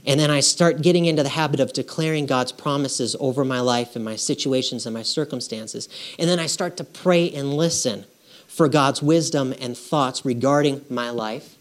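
A man's voice: medium pitch, normal speed. A man preaching a conversational sermon, emphatic and repetitive, often checking in with his listeners. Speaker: pastor.

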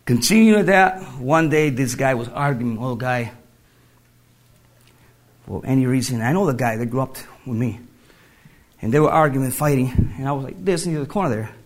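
A man giving a personal faith testimony, telling his story in halting English and laughing through it. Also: mid-range voice. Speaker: testimony speaker.

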